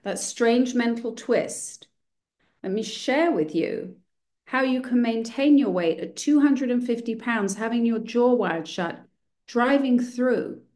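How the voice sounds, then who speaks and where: A woman's voice: fairly high pitch, lively intonation, takes it slowly, darkish tone. Woman, recovery-meeting speaker, candid, dry self-deprecating humor. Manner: candid, wry and self-mocking. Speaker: speaker sharing a recovery story. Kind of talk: personal testimony at a recovery meeting.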